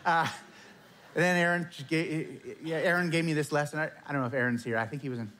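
Male pastor, slightly high voice, chatty and self-deprecating, casual storytelling sermon in church. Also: little pitch movement, quick pace, sharp tone.

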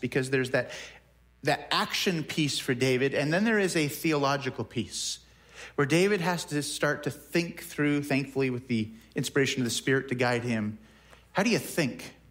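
A man's voice: medium pitch, normal speed, a bit bright. A man preaching a sermon in a conversational way, often repeating words as he works through a thought. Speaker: pastor.

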